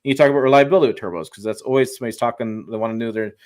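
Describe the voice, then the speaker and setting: A man's voice: medium pitch, rapid-fire, a little mellow. A man talking trucks as a journalist guest in a casual live-stream chat, emphatic and rambling, often restarting his sentences.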